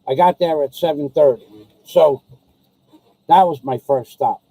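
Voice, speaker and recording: Slow, mellow-voiced man telling a grumbling story. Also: on the high side, slightly rough, dry recording, rough recording. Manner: chatty storyteller, quotes people, grumbles about prices. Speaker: vlogger. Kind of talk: rambling casual monologue.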